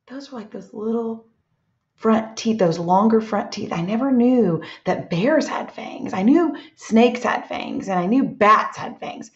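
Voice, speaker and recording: A woman teacher giving a read-aloud lesson to young children, speaking gently and expressively and asking them questions. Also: a little high, lively intonation, unhurried. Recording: echoey room, dull lo-fi sound.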